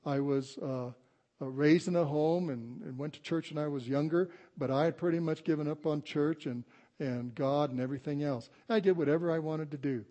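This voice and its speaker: Older male pastor, warm and mellow tone with slightly raised pitch, folksy conversational sermon. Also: lo-fi sound. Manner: conversational preaching, slows down to stress scripture. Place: church sanctuary before a congregation.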